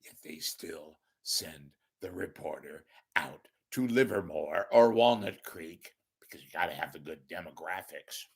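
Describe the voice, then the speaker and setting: A hoarse man delivering a sarcastic ranting monologue as a commentator. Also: very deep voice, lively intonation, unhurried, few pauses.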